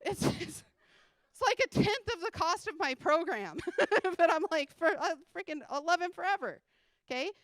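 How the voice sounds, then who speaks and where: A woman giving an energetic motivational talk on a conference stage, speaking bluntly and casually, swearing freely and laughing often. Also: very high-pitched, normal speed, dry recording. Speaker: conference speaker and sales coach. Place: conference stage before a live audience.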